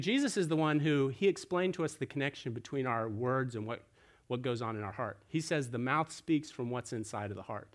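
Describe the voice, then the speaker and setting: A man preaching a sermon, explaining earnestly, with his volume rising and falling as he stresses points. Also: fairly high pitch. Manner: earnest, explanatory preaching with lively swings in loudness. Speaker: pastor.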